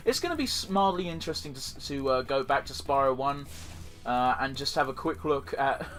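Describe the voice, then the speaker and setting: A man narrating his game in loose, rambling commentary, peppered with swearing and jokes at his own expense. His voice sits a bit higher than most men's, with faint music playing underneath. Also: fairly bright tone. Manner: rambling, profane, self-deprecating. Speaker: let's play host. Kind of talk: casual gameplay commentary.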